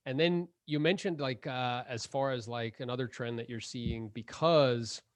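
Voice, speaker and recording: A podcast host with a mid-range voice chats casually and animatedly with his guest at a normal pace, laughing often and leaning heavily on "like." The recording is clean studio sound with no room noise.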